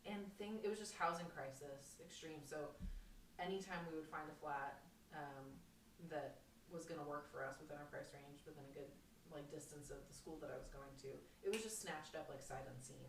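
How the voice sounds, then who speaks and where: A woman guest on a podcast, telling a story in an animated, rambling way with many restarts, recorded in a home kitchen. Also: deep voice, a little fast, slight background noise. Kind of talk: casual chat, storytelling. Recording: roomy kitchen, distant mic.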